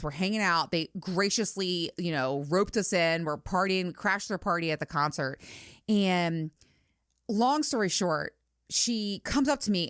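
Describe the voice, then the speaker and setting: A woman's voice: on the low side, dry recording, clean studio sound. A middle-aged woman hosting a podcast, telling a candid story in a chatty, profane way and acting out the quotes. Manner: chatty, candid, swears freely, acts out quotes. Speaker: podcast host. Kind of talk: casual storytelling monologue.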